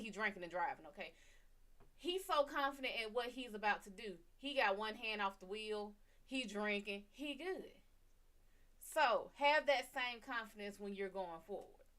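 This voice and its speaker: A woman's voice: mid-range voice, a bit bright. Woman, tarot host on a live stream, casual and profane, chats straight to viewers, desk mic with her voice drifting off it. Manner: loose and chatty, swears freely, talks to viewers by name. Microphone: desk mic, often turned away from it.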